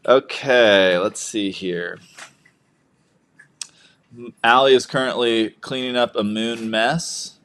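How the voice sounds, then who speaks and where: A man's voice: medium pitch, takes it slowly, long pauses, a bit bright, smooth. A young man co-hosting a casual livestream, joking around and reading viewer comments aloud. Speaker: livestream co-host, new father.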